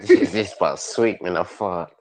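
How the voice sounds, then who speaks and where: A man's voice: sits low, unhurried, darkish tone, dry recording. A man chatting on a stream, retelling stories while he keeps breaking into laughter. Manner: laughing storyteller. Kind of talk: casual reaction chat.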